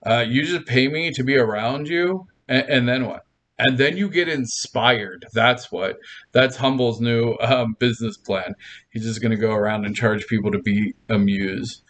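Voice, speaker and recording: A man's voice: mid-range voice, normal speed, fairly bright tone. A man hosting a casual livestream, chatting with viewers in a rambling, playful way, laughing often and restarting his sentences. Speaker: livestream host.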